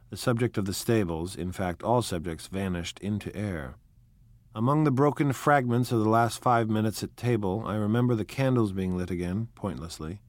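Man, audiobook narration, measured, soft-spoken, low voice, dry sound. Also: no room sound. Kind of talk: scripted narration.

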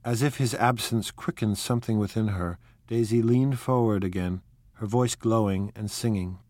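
A man narrating an audiobook in a measured, soft-spoken, reflective way. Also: lowish voice, fairly even intonation, dry recording. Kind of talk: scripted narration.

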